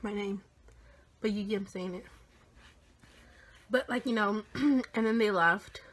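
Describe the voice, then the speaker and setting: An eighteen-year-old woman vlogging a casual story, animated and full of swearing, often dropping into whispers. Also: medium pitch, unhurried.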